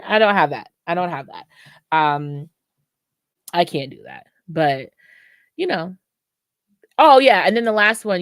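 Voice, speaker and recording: A woman's voice: on the low side, lively intonation, moderate pace, dry recording, studio quality. Frank slangy woman on a podcast. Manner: frank and slangy, acts out quoted voices. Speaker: podcast co-host. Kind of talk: casual podcast chat.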